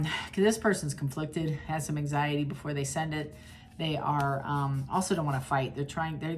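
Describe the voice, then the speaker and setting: A woman with a low, deep-set voice talks through a tarot reading in a loose, chatty way. She speaks straight to her viewers, blunt and candid, and often breaks off to restart a phrase. A faint hiss sits under her voice. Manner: chatty and blunt, with frequent restarts and sudden laughs. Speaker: tarot reader.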